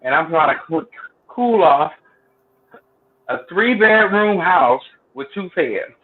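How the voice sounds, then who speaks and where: A man's voice: a little high, lively intonation, takes it slowly, slightly rough. A man, chatting casually as co-host in a laid-back, colloquial way with short agreeing replies. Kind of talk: casual chat. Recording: tinny phone-like line with faint noise.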